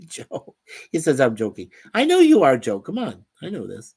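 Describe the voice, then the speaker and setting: A man hosts a relaxed live stream and reads viewer comments aloud. He talks slowly and easily, with plenty of chuckling between remarks. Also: on the high side, creaky, slightly rough. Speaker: livestream host reading chat. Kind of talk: casual live-stream chat.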